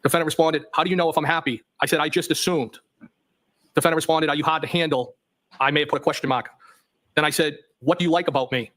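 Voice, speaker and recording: A man on the witness stand reads out a chain of text messages, calling out every question mark along the way. His voice sits a bit high for a man. He delivers it plainly, in a courtroom. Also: steady tone, fast, a bit bright. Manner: reads plainly, voicing punctuation marks. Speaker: trial witness.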